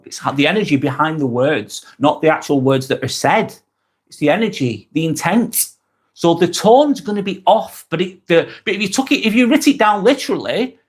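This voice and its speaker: A man's voice: high voice, husky. Rambling, repetitive man on a livestream. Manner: rambling, repeats words and phrases for emphasis. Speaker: host of a motivational livestream. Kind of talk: casual livestream talk.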